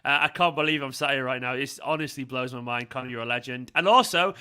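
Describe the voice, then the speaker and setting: A man, hosting an excited live-stream chat, animated and swearing freely. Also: mid-range voice, quick pace, clear, resonant tone. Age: 30s. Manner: animated, swears freely, reads out viewer comments. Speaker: fan channel host.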